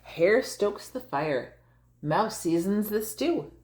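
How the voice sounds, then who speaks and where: An older woman reading a picture book aloud to her grandchild, gentle and playful, pausing to ask questions. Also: medium pitch, expressive. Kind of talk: storybook read-aloud to a child.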